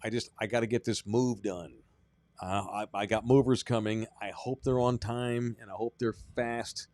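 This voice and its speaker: A man's voice: fairly low pitch, steady tone, moderate pace, darkish tone, dry recording. A man hosting a sports podcast, chatting casually and rambling in a self-deprecating way. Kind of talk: casual chat.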